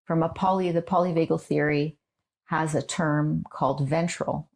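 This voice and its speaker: Woman, middle-aged, very low gravelly voice, measured explanations, therapist guest. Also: steady tone, a little mellow. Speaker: neuropsychologist and trauma therapist guest. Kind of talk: interview conversation.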